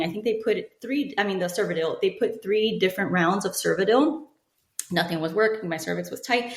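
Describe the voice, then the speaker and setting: Animated woman telling her story. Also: medium pitch. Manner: animated, acts out other people's lines. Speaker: guest. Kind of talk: personal storytelling in a podcast interview. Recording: echoey room.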